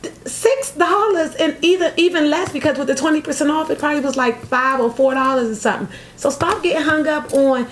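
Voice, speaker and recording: A middle-aged woman chatting casually to camera about thrift finds, telling stories with animated energy and calling her viewers y'all. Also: high-pitched, a little fast. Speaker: thrift vlogger. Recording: echoey room with faint noise.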